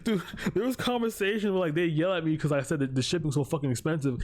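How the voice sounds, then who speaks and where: A man's voice: on the high side, quick pace. A young man streaming live, telling a long profane story in a casual, rambling way. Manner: profane, rambling, animated storytelling with put-on voices. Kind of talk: casual livestream chat.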